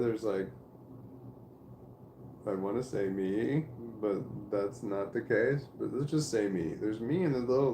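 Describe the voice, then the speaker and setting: A man with a gravelly, dark voice talks casually to camera, rambling and halting as he restarts his sentences and swears along the way. The sound is roomy and echoey. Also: on the low side, a little hiss or hum. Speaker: vlogger. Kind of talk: casual spoken monologue to camera. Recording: roomy echo.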